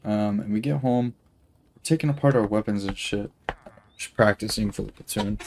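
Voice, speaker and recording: A man's voice: fairly low pitch, normal speed, vocal fry. A young man telling a long story while he plays a game, rambling and swearing, with lots of filler words. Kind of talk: casual storytelling while gaming.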